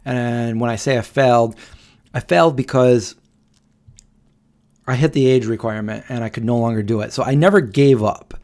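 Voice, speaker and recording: A livestream host in his forties tells a story late at night in a casual, unhurried and halting manner. His plain mid-range voice, a little mellow, circles back, restarts phrases and fills silences with ums.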